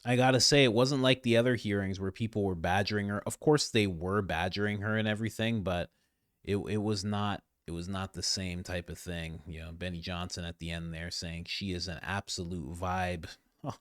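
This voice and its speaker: A man's voice: sits low, moderate pace, dry recording, studio quality. A middle-aged man hosting casual political commentary, talking straight to his viewers in a conversational way. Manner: animated, conversational, addresses viewers directly.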